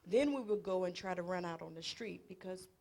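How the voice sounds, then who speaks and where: A woman guest on a radio interview, telling family stories in a lively way and repeating phrases for emphasis. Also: fairly low pitch, fairly quick, gravelly, a little hiss or hum.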